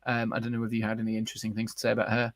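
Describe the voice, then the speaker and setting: Male live show host, chatty, halting, dry close sound. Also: lowish voice, monotone, no room sound. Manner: rambling, many fillers and restarts. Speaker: podcast host. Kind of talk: casual livestream chat.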